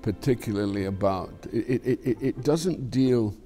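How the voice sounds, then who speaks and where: A man's voice: medium pitch, measured pace, dark tone, soft background music. An older man with a Scottish accent, talking frankly in an interview, reflective and rambling, swearing freely. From Scotland. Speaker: actor being interviewed. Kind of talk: candid conversational interview.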